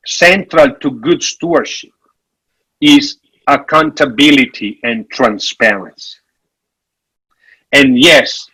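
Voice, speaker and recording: Man, unhurried delivery, frank and joking, workshop presenter. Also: medium pitch, sharp tone, poor audio. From Italy. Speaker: workshop speaker on parish finances. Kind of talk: conference presentation.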